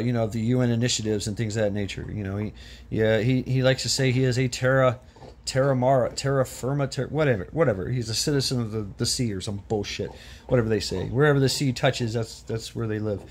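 Rambling, profane American man. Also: medium pitch. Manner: rambling, full of restarts and stammered repeats; blunt and profane. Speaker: vlogger. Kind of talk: off-the-cuff political rant.

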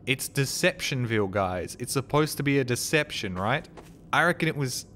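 A man's voice: medium pitch, lively intonation, normal speed, fairly bright tone, a little hiss or hum. A man streaming a game, talking casually and at length in a rambling, puzzled way, swearing freely as he plays. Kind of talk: casual live gameplay commentary.

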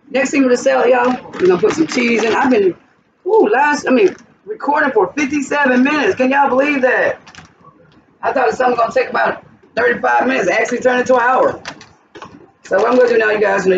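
A woman's voice: a little high, creaky. A woman hosting a cooking vlog in her home kitchen, chatting straight to her viewers as she cooks. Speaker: cooking channel host. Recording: distant, muffled, noisy.

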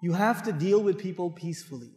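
Animated man lecturing in an echoey hall. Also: high-pitched, quick pace. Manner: storytelling, playful, acts out dialogue. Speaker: Islamic lecturer. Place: large mosque hall.

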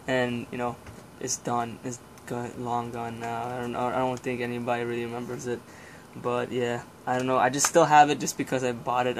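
Flat-voiced young man rambling. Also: medium pitch, gravelly, a little hiss or hum. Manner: rambling, profane, with sighs and groans. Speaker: vlogger reviewing his CD collection. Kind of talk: casual rambling review.

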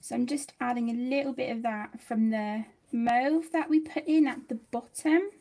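Young woman, livestream host, slightly high, a bit of fry in the voice. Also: moderate pace. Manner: chatty, warm to viewers, reads out comments. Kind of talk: casual livestream chat. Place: home.

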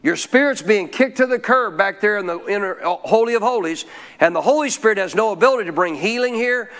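A man's voice: high-pitched, lively intonation, a little fast, a bit bright. A man preaching a sermon, asking his listeners questions and having them repeat phrases after him. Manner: preaching with call-and-response questions. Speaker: pastor.

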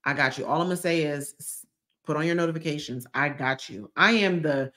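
A woman in her thirties with a drawl chats on a live stream, bubbly and full of slang as she answers viewer comments. Her voice sits a bit low for a woman. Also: fairly quick, a bit bright. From Georgia, US. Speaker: lifestyle YouTuber hosting a live stream.

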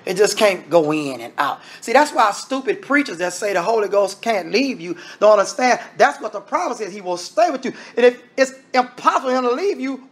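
This preacher has a high, sing-song, fairly bright voice and talks briskly with hardly any pauses. His sermon is emphatic and repetitive, packed with rhetorical questions, and he speaks to the congregation as brethren.

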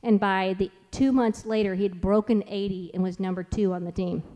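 A woman's voice: mid-range voice, fairly even intonation, fairly quick, dark tone, big-room sound. A mother speaking at a church family conference who tells anecdotes about her kids in a chatty, rambling way, with many "like"s and restarts. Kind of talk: conference talk with storytelling.

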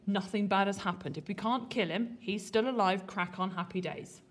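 A woman voicing a brisk, mocking scheming noblewoman, in a sing-song tone. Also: medium pitch, natural voice. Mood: breezy.

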